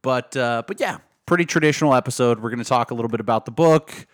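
A man's voice: mid-range voice, quick pace, no room sound. Easygoing man co-host, dry close sound. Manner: easygoing, rambling. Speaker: podcast co-host. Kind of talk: casual podcast chat.

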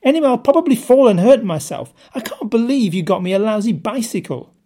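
A man's voice: high-pitched, lively intonation, brisk, dark tone, voice pushed up. A man voicing a pessimistic boy twin who grumbles and complains about his present. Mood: whiny. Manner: whining, complaining.

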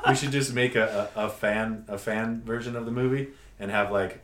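A man's voice: on the low side, steady tone, moderate pace, a crowd in the background. A man co-hosting a podcast in casual chat, giggly, joking and profane. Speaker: podcast co-host. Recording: echoey room.

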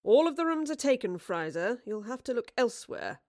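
A woman's voice: on the high side, sing-song, fairly quick, a bit bright, dry recording, pitched above the performer's own voice. A cocky young swordsman, as a woman narrator puts him on, tossing out his lines with a smirk and a defiant edge. The voice is dry and close.

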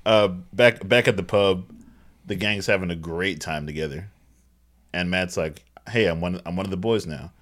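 A man co-hosting a casual movie recap, narrating the plot in a dry, halting way with hesitant restarts. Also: low-pitched, a bit bright. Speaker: podcast co-host.

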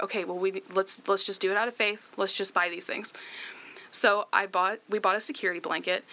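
A woman's voice: mid-range voice, bright, forceful tone. A young woman chatting through a personal story, with many fillers and laughs, tearful at times. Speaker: guest sharing her story.

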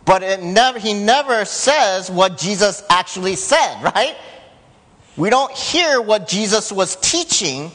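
A man preaching a sermon to his church in a conversational way, rising loud when he quotes. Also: high voice. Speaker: pastor. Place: church sanctuary. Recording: church hall reverb.

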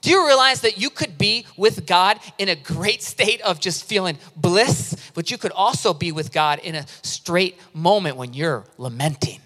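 A male pastor preaching a sermon in a lively, conversational way, with humorous personal stories. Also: high-pitched, moderate pace, hardly any pauses. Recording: long reverb of a large hall.

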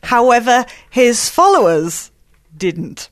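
A woman's voice: fairly high pitch, sing-song, slow pace, no echo, clean studio sound. A woman, a journalist guest on a podcast, explaining things in a thoughtful conversational way.

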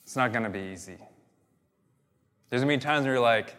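Energetic male pastor in a reverberant hall. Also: mid-range voice, brisk. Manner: energetic, repetitive, with frequent restarts and fillers. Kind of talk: sermon. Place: church hall.

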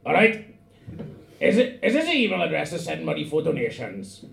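A man's voice: a little high, wildly swooping pitch, normal speed, vocal fry, a bit bright, roomy sound, pitched above the performer's own voice, heavily acted. A man voicing a cocky, blustering Welsh man who writes to a donation office, in a put-on Welsh accent.

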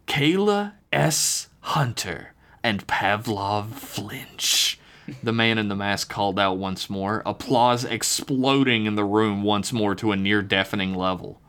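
A man reading his own written story aloud on a podcast, relaxed, slowing down on the eerie details. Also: fairly low pitch.

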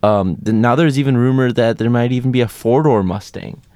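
A man's voice: medium pitch, brisk, mellow, no echo. A man co-hosting a casual radio talk show, passing on news in a brief, matter-of-fact way.

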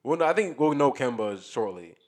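A man's voice: medium pitch, animated, fairly quick. A man co-hosting a podcast, talking sports casually and thinking aloud as he goes. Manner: loose, rambling, thinks aloud with restarts. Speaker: podcast co-host.

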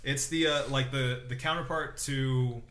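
A man's voice: mid-range voice, steady tone, measured pace, echoey room, a crowd in the background. A man co-hosting a podcast, casually explaining details with hesitant fillers. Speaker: podcast co-host. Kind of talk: casual chat.

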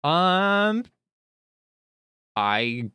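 A meek podcast host who stumbles over his words and defers to the others. He talks slowly, and his pitch swings a great deal. The recording is dry and close. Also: very animated, sharp tone, smooth, no echo. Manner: hesitant, meek, halting. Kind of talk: improvised comedy podcast.

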